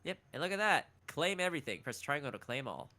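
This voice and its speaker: A man's voice: a little high, very animated, fast talker, sharp tone. A man guiding a friend through a game on a casual stream, teasing her and explaining the controls step by step. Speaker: gaming guide and co-streamer. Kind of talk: casual live-stream chat.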